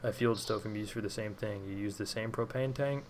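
A low-pitched man talks through his kit in a loose, rambling group chat. He hesitates and fills his pauses as he goes. A faint hiss of noise sits under his voice. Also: steady tone.

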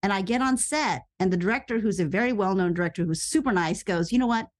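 Lively storytelling actress, quick and animated. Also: female voice, medium pitch. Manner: lively, quick, acts out quoted voices. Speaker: actress and radio host guest. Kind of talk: animated storytelling in a podcast interview.

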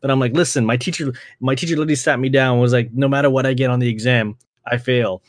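A young man from Canada hosting a podcast, telling stories in a casual chat, swearing often and acting out quotes in a higher voice. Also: fairly even intonation, fast talker, no room sound, studio quality. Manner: laid-back, swears a lot, acts out quotes with a jump in pitch. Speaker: podcast host.

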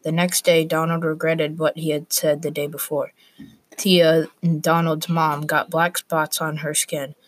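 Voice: medium pitch, level tone, measured pace. A student narrating a class story aloud, reading plainly with small restarts.

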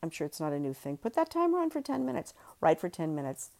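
A woman's voice: fairly low pitch, very animated, quick pace, gravelly, darkish tone. A woman hosting a writing podcast, talking casually about fiction craft with fillers and asides. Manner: chatty, reflective, with fillers and asides. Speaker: writing teacher and podcast host.

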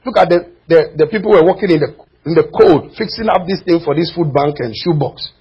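A male preacher delivering a sermon in church, his voice sitting high and a little husky. He swings between impassioned, almost shouted lines and quiet, low asides to the congregation. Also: quick pace, muffled recording. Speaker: pastor.

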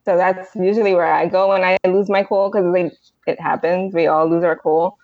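A lower-voiced woman guest who coaches parents and talks things through in a relaxed, reflective way. Her recording is dry and a little muffled. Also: normal speed, no room sound. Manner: relaxed, reflective, laughs easily. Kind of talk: casual advice chat.

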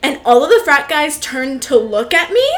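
A young woman in her twenties chats casually, high-pitched and wry. She tells awkward stories in a self-conscious way. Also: big pitch swings, normal speed, a bit bright. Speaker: podcast co-host. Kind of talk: casual chat.

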